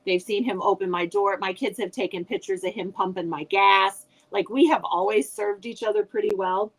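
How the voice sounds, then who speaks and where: A woman's voice: mid-range voice, moderate pace, rough recording. An older grandmother and author, a podcast guest, chatting casually and telling family stories with frequent restarts. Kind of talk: casual chat.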